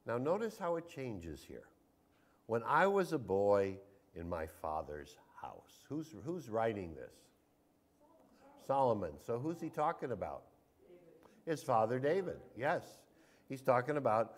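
A man's voice: fairly low pitch, animated, a little slow. A man, a pastor, leading a Bible study, reading scripture aloud with emphasis and questioning the group.

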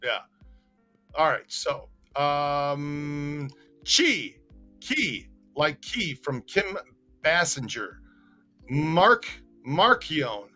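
Guy hosting a live stream, reads comments, bright forceful voice, fairly high, faint music behind. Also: lively intonation, drawn-out words, pauses often. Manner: chatty, reads viewer comments aloud, stumbles over names. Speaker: host.

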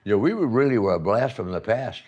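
A man's voice: fairly low pitch, expressive, a little fast, a little mellow, husky, muffled recording. An older man telling playful stories in a casual conversation, laughing often as he talks. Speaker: honoree in conversation. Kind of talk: casual reminiscing chat.

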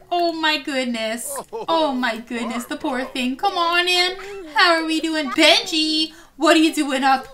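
A woman's voice: high-pitched, measured pace, bright, forceful tone. A young woman commentating her life simulation game play, gasping and gushing over the characters. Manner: gushing, gasps often, repeats "oh my gosh". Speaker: gaming video host. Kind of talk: Sims let's play commentary.

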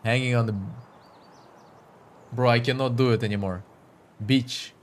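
A man's voice: medium pitch, steady tone, moderate pace. Joking man with a Russian accent. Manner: joking, swears often. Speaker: gaming streamer. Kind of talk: casual gameplay commentary. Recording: loud game noise behind voice. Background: game sounds and clicks.

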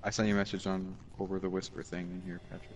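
Low-voiced young man swearing over voice chat. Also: level tone, fast talker, far from the mic, highs cut off, noisy background. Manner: blunt, swears freely, reads chat messages aloud. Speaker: gamer reading chat aloud. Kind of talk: casual gaming voice chat. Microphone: headset mic close to the face.

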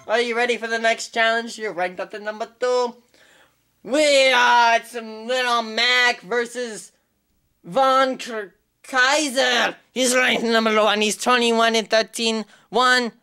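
A young woman giving casual gameplay commentary on her channel, excitable and trash-talking the opponents. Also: on the high side. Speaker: gaming channel host.

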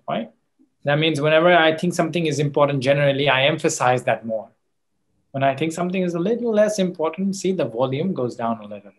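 A man teaching an exam coaching class in a classroom, with an Australian accent, emphatic, checking in with students often and correcting himself mid-sentence. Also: fairly high pitch. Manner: frequent fillers and self-corrections. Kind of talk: classroom lecture.

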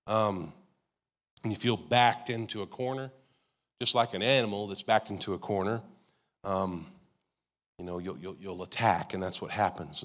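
A man's voice: mid-range voice, fairly bright tone. Man, pastor, casual sermon, church auditorium, talks to the crowd like a friend. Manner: conversational preaching with frequent "you gotta" and "like".

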